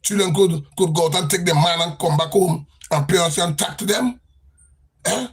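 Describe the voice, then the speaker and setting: Husky high-voiced Grenadian man ranting. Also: moderate pace, faint music behind. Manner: impassioned, repetitive, sing-song cadence. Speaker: livestream host. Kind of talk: political rant on a livestream.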